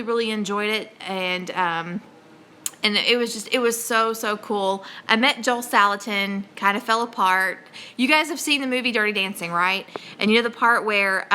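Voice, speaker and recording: A woman host chats on a live stream in a rambling, excitable way. Her voice is bright and tense, she keeps pausing on fillers, and her pitch sits in an ordinary middle range. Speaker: homesteading channel host. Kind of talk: casual live-stream chat.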